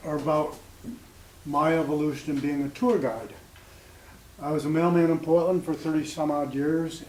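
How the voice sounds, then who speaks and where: A man in his sixties telling personal stories to a small audience, in a halting, conversational way full of ums and restarts. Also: fairly high pitch, a little mellow, a little hiss or hum. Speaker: storyteller at an open mic. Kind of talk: spoken storytelling to a small audience. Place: small cafe gathering room. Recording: echoey room with faint ambience.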